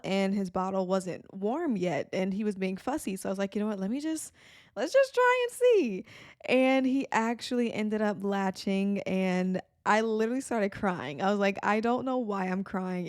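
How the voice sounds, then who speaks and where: A woman's voice: mid-range voice, a little mellow, no echo, studio quality. A young woman in her twenties hosting a podcast in casual chat, with a habit of saying "like" a lot. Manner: chatty, frequent "like" fillers. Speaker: podcast host.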